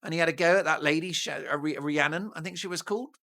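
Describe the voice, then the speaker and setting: A man's voice: a little high, quick pace, bright, forceful tone. A British man hosting a talk show, giving mocking, sarcastic news commentary in a theatrical way. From Britain.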